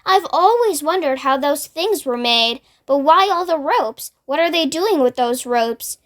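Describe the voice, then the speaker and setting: Lady doing a jumpy snappy centipede from a kids book, pretty high. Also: expressive, a little slow. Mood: musing. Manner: sharp, wary. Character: nervous, sharp-tongued centipede.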